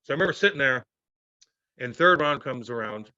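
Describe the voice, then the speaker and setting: A man in his thirties, a former hockey player, telling stories loudly and profanely in a casual interview. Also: mid-range voice, a little fast, no echo, dull audio. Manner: loud, profane, animated storytelling.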